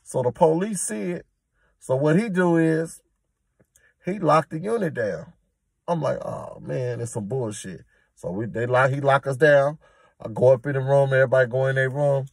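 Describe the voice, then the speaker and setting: Husky streetwise man telling a story. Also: mid-range voice, normal speed, no echo. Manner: streetwise, emphatic, slangy. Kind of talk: casual prison storytelling.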